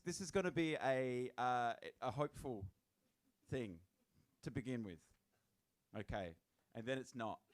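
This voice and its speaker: A man hosting a live show, chatty and halting, with lots of fillers and restarts. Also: mid-range voice, a little hiss or hum. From Australia. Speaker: host and musician.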